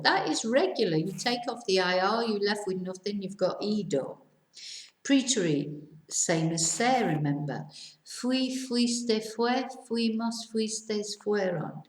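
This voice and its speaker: A woman Spanish teacher works through verb tables at an unhurried, deliberate pace, pausing on each form. Her voice sits at an ordinary middle pitch, and the recording carries a noticeable echo from the room around her. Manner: slow, methodical drilling with brief asides. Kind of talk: language lesson, reciting verb conjugations. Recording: echoey room.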